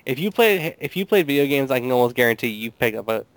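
A young man co-hosts a casual gaming chat, dry in humor and hesitant, with frequent ums. His smooth, mid-pitched voice sounds close and dry. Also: animated, fast talker, dry recording. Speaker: podcast co-host.

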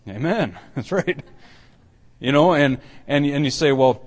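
An animated middle-aged man, an elder, preaches at normal speed in a medium-pitched voice. His sermon is conversational, with many repetitions and restarts that rise into emphatic points.

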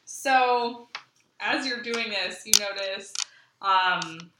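A woman narrating as game master, unhurried and full of fillers. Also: mid-range voice. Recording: echoey room with faint hiss.

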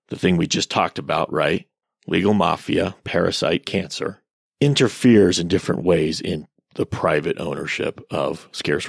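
A man's voice: sits low, gravelly, husky, dry recording, studio quality. A man in his thirties giving casual commentary on online posts, ranting in a sarcastic, profane way.

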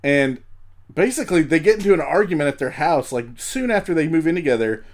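A man's voice: a little high, quick pace. A man co-hosting a comedy podcast, casually recounting events with fillers and swearing. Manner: relaxed, profane recounting with fillers. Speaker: podcast co-host.

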